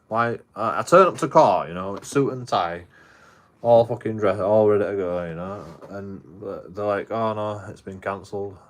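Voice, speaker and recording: Low-voiced profane man. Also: moderate pace. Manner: rambling, heavily profane storytelling with frequent restarts. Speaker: live streamer. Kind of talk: casual livestream chat.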